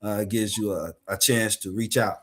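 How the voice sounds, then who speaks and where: Measured man reflecting on a panel. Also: lowish voice, steady tone, fairly bright tone, slightly rough. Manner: measured, grateful, many "uh" pauses. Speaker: education consultant and panel guest.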